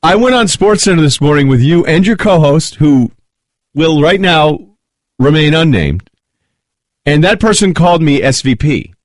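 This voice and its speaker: A man's voice: fairly high pitch, normal speed, no echo. A man hosting a sports talk radio show in a studio, talking in a joking, casual way. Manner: lively, joking, animated. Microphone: studio microphone.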